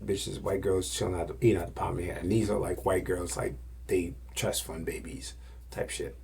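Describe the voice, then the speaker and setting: Brief: low-voiced male podcast host with a gravelly rasp, spinning slangy stories and often dropping to a whisper. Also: level tone, brisk. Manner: loose slang-heavy storytelling that often drops to a hushed whisper. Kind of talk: casual storytelling.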